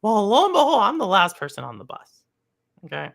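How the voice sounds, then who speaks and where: A woman from Texas hosting a podcast, telling stories in an animated, chatty way. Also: mid-range voice, fairly quick, vocal fry. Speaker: podcast host. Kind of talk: casual chat, storytelling.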